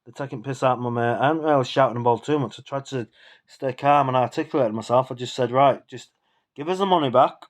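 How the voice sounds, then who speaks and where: A man's voice: mid-range voice, quick pace. A man, a bit tipsy from drinking, ranting in a rambling, sweary, indignant monologue for his vlog. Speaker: vlogger.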